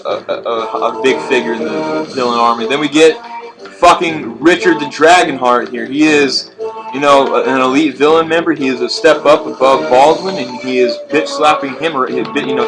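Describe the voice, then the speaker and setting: Male walkthrough narrator, laid-back and foul-mouthed, over prominent game music. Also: medium pitch. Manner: profane, rambling, laid-back. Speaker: video game walkthrough player. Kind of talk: casual gameplay commentary.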